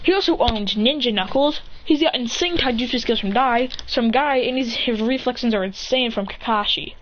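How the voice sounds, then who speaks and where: A woman spins an improvised fan story in a rambling, excitable rush, often restarting and adding mouth sound effects. Her voice sits fairly high. The recording is dull and lo-fi, with a faint hiss. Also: moderate pace.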